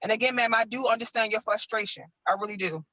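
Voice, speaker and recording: Cop on a video call, bright sharp voice, dry sound, polite and reassuring. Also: male voice, high voice, steady tone, fast talker, no room sound, poor audio. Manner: polite, reassuring, with many fillers. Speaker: community policing officer. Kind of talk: online community meeting.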